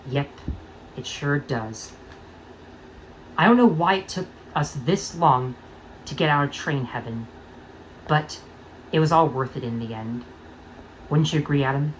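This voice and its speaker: A woman voicing a cheerful female train engine back home, in a fan-made audio drama, speaking lively and grateful. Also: low voice, a little slow, long pauses, slight background noise, rough recording. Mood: glad.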